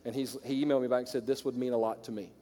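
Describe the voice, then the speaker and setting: A man with a Southern American accent preaching a sermon to his congregation, shifting from loud exclamations to quiet storytelling. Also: mid-range voice, steady tone, rapid-fire. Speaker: pastor. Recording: long reverb of a large hall.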